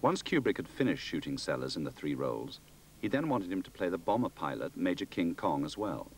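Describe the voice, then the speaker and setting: A man's voice: sits low, very animated, a little fast, a little hiss or hum. A man giving scripted documentary narration.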